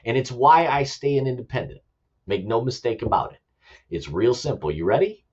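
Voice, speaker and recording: A man's voice: mid-range voice, very animated, normal speed, darkish tone, breathy edge, highs cut off. A man hosting his own show, ranting about politics in an impassioned, repetitive way and swearing for emphasis. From United States. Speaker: show host, army veteran.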